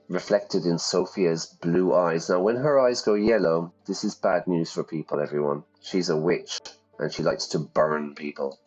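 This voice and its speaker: A man who teaches English by reading a story game aloud and pausing to explain phrases in a relaxed way. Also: deep voice. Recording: slightly dull lo-fi sound with faint music.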